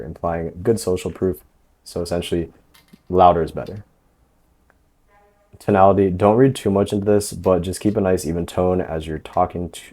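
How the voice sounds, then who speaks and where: Male coach, deep voice, relaxed instructional narration, casual fillers throughout. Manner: relaxed, loose, lots of fillers like "um" and "like". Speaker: dating coach.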